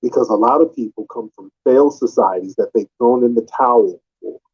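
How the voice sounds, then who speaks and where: With a breathy edge to his mid-range voice, a man talks a little fast while hosting a live call-in audio stream. His combative manner is mocking and taunting, he keeps repeating his questions, and the lo-fi stream sound is muffled.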